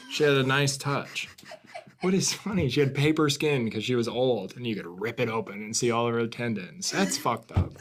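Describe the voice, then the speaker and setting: A young man in casual comedic chat, riffing absurd jokes with a deadpan edge and frequent swearing. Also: mid-range voice, moderate pace, very noisy. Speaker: podcast co-host.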